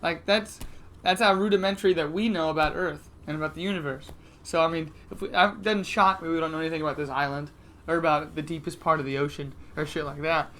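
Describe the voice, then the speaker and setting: A man's voice: on the high side, fairly even intonation, fast, a bit bright, slight background noise. A man in his twenties co-hosting a podcast, chatting loosely with frequent laughter and swearing. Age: 20s. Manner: laughs often, loose and profane. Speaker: podcast co-host. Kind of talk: casual chat.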